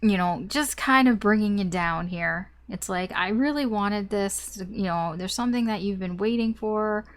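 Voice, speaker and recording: A young woman gives a casual tarot reading in a loose, rambling way. She thinks aloud with plenty of fillers and the odd mild swear word. Her voice sits at an ordinary middle pitch for a woman. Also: moderate pace, few pauses. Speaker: tarot reader.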